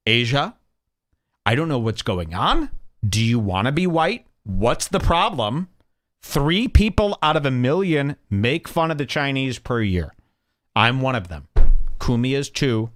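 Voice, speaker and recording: A male comedy radio host ranting in a sarcastic, mock-grave way. His voice leaps up and down with wide swings in pitch. It sounds close and dry, with no room echo. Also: fairly bright tone. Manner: sarcastic, mock-serious, deliberately offensive. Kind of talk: provocative comedy rant.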